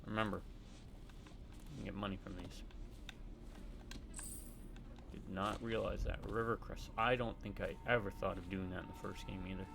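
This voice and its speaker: A man giving casual, rambling gameplay commentary, jokey with sudden loud outbursts. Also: deep voice, steady tone, a little fast, vocal fry, noisy background. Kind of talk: casual let's-play commentary.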